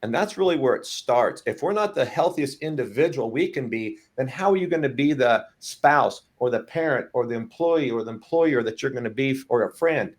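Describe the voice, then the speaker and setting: A man's voice: medium pitch, lively intonation, brisk, few pauses. A man speaking earnestly as a podcast guest, stumbling over his starts. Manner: earnest, repeats himself when starting. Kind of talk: casual chat.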